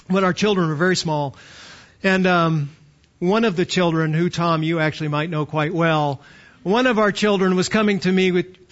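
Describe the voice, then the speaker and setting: A middle-aged man preaching a sermon in church, emphatic and repeating words as he presses his points. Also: sits high. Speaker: pastor. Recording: dull lo-fi sermon recording.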